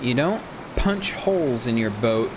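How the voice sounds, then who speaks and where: Male game streamer, rambling and chatty, lively pitch, noisy home recording. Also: unhurried. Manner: rambling and chatty, with sudden squeaky joke voices. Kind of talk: casual gameplay commentary.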